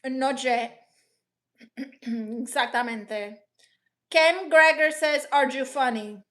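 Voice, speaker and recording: A high-pitched woman hosts a casual live chat and answers viewer comments in a blunt, sassy way. Her tone is bright and sharp, and she sprinkles Spanish exclamations into her talk. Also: unhurried. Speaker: livestream host reading viewer comments. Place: rented apartment indoors.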